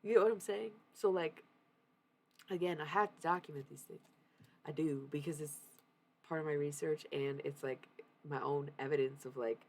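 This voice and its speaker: A young woman with a low, gravelly voice chats candidly on her live stream, swearing freely and laughing often. There is a faint hiss behind her. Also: a little mellow. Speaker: livestreamer. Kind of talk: casual confessional chat.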